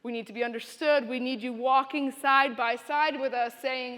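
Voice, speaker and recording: Female keynote speaker, expressive motivational storyteller, high voice, reverberant hall. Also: normal speed. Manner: storytelling, expressive, direct to audience. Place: university conference venue.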